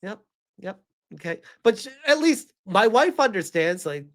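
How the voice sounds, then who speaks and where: A man's voice: sits high, fairly bright tone. Heated, profane male commentator. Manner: heated, profane, reads article quotes aloud. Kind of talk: reaction commentary.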